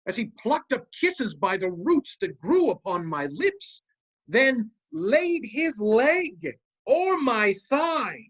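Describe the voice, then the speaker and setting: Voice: medium pitch, sing-song, takes it slowly, a bit bright, lo-fi sound, heavily acted. An actor reading sly scheming Iago. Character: scheming male officer Iago, cunning and sly. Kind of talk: amateur Shakespeare reading.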